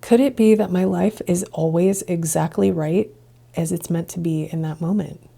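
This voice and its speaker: Gravelly, mellow-voiced woman podcaster. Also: fairly low pitch, normal speed. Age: adult, past childhood and drinking years. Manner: earnest, musing, rhetorical questions. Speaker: podcast host, integration coach. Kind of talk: reflective solo podcast monologue.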